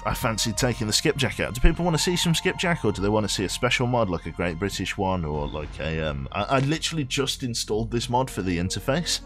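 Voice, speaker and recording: A man's voice: fairly low pitch, fairly bright tone. A man streaming a game in a rambling, chatty way, reading game text aloud and swearing offhand. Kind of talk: casual live game commentary.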